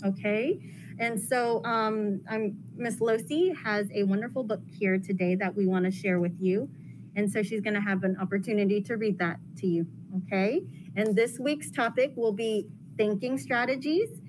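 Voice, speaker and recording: A woman school counselor, gently talking children through their feelings. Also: mid-range voice, normal speed. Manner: gentle, explains feelings simply with fillers. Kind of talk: classroom guidance talk to children. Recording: noisy classroom recording.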